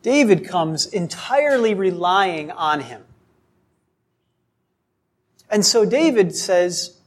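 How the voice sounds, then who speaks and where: A man delivers a sermon at a deliberate pace, often posing rhetorical questions and acting out quotations. His voice sits high and is expressive.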